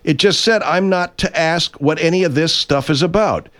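In a comic radio bit, an actor plays a defensive, stuffed-up middle-aged voice-over man who swears, argues, stammers through restarts and keeps insisting he isn't laughing. The voice is fairly high, normal in speed, a bit bright, and close to everyday speech.

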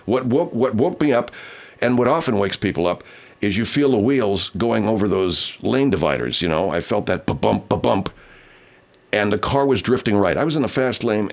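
Male talk-show host, low voice with big swings, rambling profane storyteller. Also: moderate pace. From Southern California. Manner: rambling, profane, animated storyteller with many restarts.

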